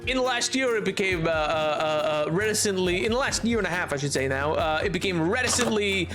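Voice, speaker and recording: A man talks casually to his stream viewers while he plays. His voice sits high, and he often stammers and circles back mid-sentence. Soft music plays faintly behind him. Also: animated, fairly quick. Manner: rambling, frequent restarts and stammers. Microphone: headphones on while streaming.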